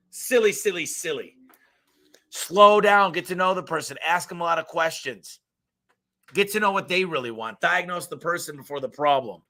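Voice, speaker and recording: Bright, punchy energetic man. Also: fairly high pitch. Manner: energetic, emphatic, blunt, with acted-out customer quotes; talks fast by his own account. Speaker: host answering live questions. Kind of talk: live Q&A advice stream.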